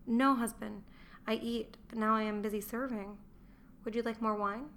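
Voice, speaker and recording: A woman reading the lines of a meek young Roman wife who is anxious to please her husband, in a mild, soft-spoken manner, as an audiobook character voice. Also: fairly high pitch, steady tone, moderate pace, a little hiss or hum.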